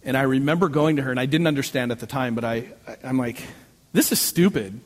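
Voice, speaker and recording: A man preaching a sermon as pastor, telling personal stories with animated delivery and self-mocking jokes. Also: medium pitch, fast. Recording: long reverb of a large hall.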